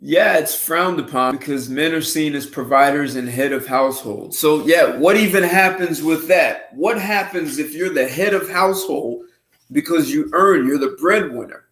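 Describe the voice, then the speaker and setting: A man hosting a casual livestream show, talking in an unhurried, musing way with frequent restarts and throat clearing. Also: fairly high pitch, fairly bright tone. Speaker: host. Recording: roomy echo.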